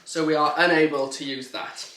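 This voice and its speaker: A man's voice: a little high, steady tone, normal speed, heavy background noise. Easygoing young man in a roomy echo. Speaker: vlogger. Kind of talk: casual chat. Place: living room sofa.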